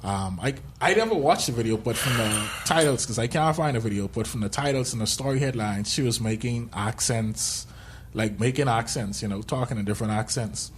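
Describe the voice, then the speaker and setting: A man's voice: medium pitch, brisk, a little hiss or hum. A man co-hosting a podcast in casual chat, rambling, joking and laughing often. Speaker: podcast co-host.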